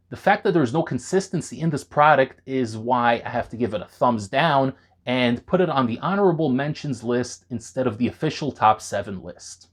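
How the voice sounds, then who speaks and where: A man talking straight to camera in an animated, conversational way, reviewing pre-workout supplements for his viewers. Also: mid-range voice. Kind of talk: enthusiastic product review vlog.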